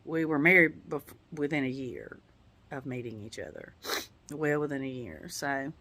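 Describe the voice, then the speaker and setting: A woman's voice: extremely low pitch, lively intonation, normal speed, pushed and bright, a little hiss or hum. Rambling heartfelt woman vlogger. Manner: rambling, heartfelt, many "you know" fillers. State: tearing up at times. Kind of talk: casual personal update.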